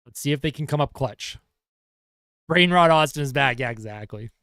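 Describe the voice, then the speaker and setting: A young man calling hockey play-by-play as a fan on a live stream, getting excited over the action and chatting with his viewers in between. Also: medium pitch, normal speed, clear, resonant tone, no room sound, clean studio sound. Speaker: livestream host and hockey fan commentator.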